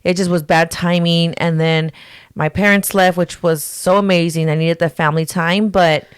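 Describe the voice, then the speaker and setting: A woman co-hosting a podcast in casual chat, easygoing and jokey, quick to laugh. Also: lowish voice, fairly even intonation, smooth, no echo, studio quality. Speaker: podcast co-host.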